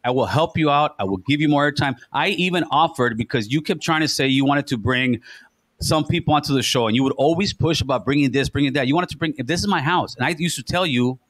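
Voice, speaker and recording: A man's voice: fairly high pitch, quick pace, fairly bright tone, no echo. A man hosting a talk show, accusing and profane, repeating himself in a heated argument. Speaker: podcast host. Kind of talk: heated confrontation.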